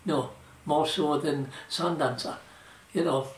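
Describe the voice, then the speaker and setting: Older geordie man, rambling oral history, fairly high voice, roomy echo, distant mic. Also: fairly even intonation, slow. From South Shields, England. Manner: rambling, colloquial, with fillers like "you know" and "like". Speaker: interviewee, former shipwright.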